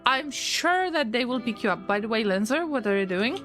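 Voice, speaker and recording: A woman streamer giving gameplay commentary, fretting out loud and talking straight to her colonists as if they could hear her. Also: a little high, animated, a little fast, soft background music. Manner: frets aloud and talks to her colonists. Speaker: game streamer.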